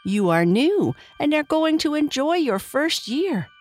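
A woman's voice: high-pitched, sing-song, unhurried, darkish tone, voice pushed up. A woman voicing a weary, sad old male jumping jack toy in a children's story.

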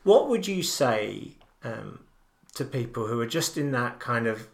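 A man's voice: mid-range voice, very animated, unhurried, vocal fry. A man hosting a podcast interview, chatty and affirming, laughing easily as he asks questions. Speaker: podcast host.

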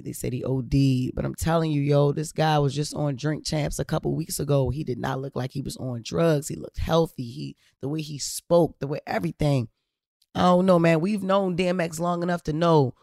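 A man hosting his own podcast talks in a blunt, profane, rambling way. His voice sits a little high for a man. The sound is dry and close. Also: vocal fry, a little mellow, no room sound. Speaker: podcast host. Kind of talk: casual podcast monologue.

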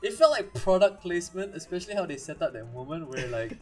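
Animated laughing man, higher voice. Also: brisk, hardly any pauses, faint music behind. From India. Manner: animated, laughs often, acts out quotes. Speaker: podcast co-host. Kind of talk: casual film chat.

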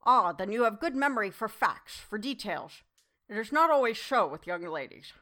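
A woman's voice: medium pitch, expressive, bright, forceful tone. A woman voicing an old, fervent foreign professor. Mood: courteous. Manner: broken formal English, slow and fervent. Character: old male foreign professor, earnest, effusive. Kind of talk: audiobook character reading.

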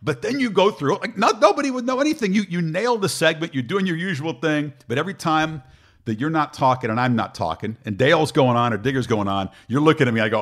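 A man, a broadcast host, telling a long animated story in casual conversation, with frequent restarts. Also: on the high side, a little fast.

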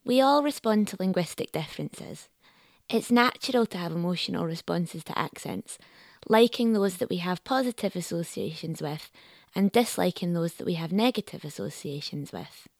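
A woman, a sociolinguist presenting and interviewing in clear, measured explanation. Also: fairly low pitch, animated, dry recording. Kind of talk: documentary narration and interviewing.

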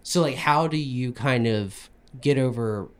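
A man's voice: mid-range voice, a little slow. A man with a Southern US accent hosting a casual recovery podcast, drawling and laid-back, trailing off with fillers. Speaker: podcast host.

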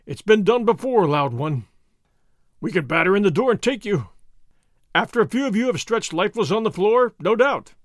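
A man's voice: high-pitched, animated, normal speed, no echo, studio quality, voice pushed up. A man voicing a dashing masked outlaw hero who talks defiantly and taunts his foes. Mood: mocking.

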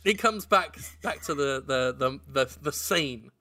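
A man in casual chat, deadpan as he makes up a silly movie plot scene by scene. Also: mid-range voice, measured pace. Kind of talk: improvised comedy storytelling.

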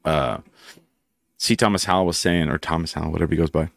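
A middle-aged man hosting a casual talk show, telling animated anecdotes and swearing freely. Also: extremely low pitch, fast, creaky, dry recording. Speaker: podcast host. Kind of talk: casual chat, storytelling.

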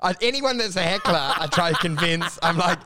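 A young man co-hosting a comedy podcast, telling stories in animated bursts, acting out quotes with big jumps in pitch, laughing often. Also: brisk, a little hiss or hum. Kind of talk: casual podcast banter.

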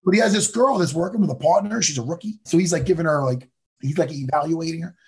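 A man co-hosting a casual chat, animated and profane, slipping into impressions. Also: a little high, fast, husky. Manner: animated, swearing, doing impressions. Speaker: podcast co-host.

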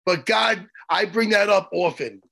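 A man co-hosting a podcast in casual banter, animated and joking, swearing freely. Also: high-pitched, unhurried, creaky. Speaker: co-host.

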